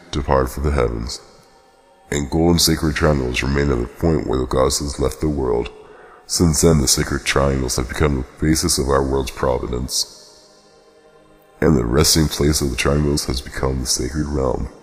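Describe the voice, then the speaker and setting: A man voicing an ancient, dying male tree spirit in a game, reading slow and archaic lines with solemn weight. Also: very deep voice, steady tone, in a large hall, faint music behind, pitched below the performer's own voice.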